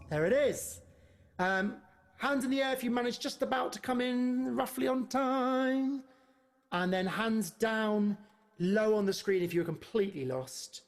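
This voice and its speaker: A man leading an online choir lesson over a video call, talking in quick, playful asides between demonstrations. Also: high-pitched, loud music behind the voice. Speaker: choir leader. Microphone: computer mic on a video call.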